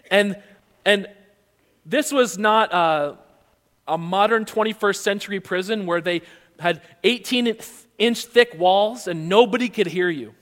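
A male pastor delivers a sermon with a notably high voice, asking his listeners questions as he retells the story. His words ring out with a long reverb in a big hall. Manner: animated storytelling with rhetorical questions.

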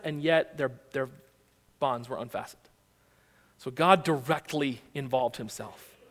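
Male pastor preaching, high voice, lots of questions to the crowd, big echoey hall. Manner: animated storytelling with rhetorical questions. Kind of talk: sermon.

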